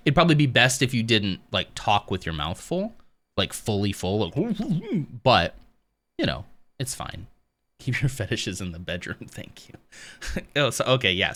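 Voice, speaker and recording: A man's voice: lowish voice, animated, normal speed, a bit bright. A man streaming live, chatting casually with his viewers, rambling and joking at his own expense, often laughing.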